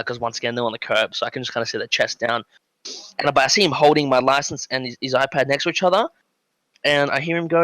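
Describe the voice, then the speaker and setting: Recorded with no echo, a medium-pitched young Australian man recounts a story as a podcast guest on a casual show. He acts out the conversations with animation and leans heavily on fillers.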